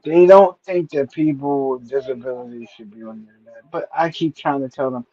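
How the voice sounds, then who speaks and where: A man's voice: medium pitch, brisk, dark tone, highs cut off. A man chatting casually on a stream, hesitant and searching for his words. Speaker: streamer co-host. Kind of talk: casual chat.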